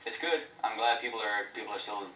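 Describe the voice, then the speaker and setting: A man, a stand-up comedian with dry, deadpan wit, doing a set and an interview. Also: fairly low pitch, quick pace, roomy sound, recorded from a distance, slight background noise, rough recording.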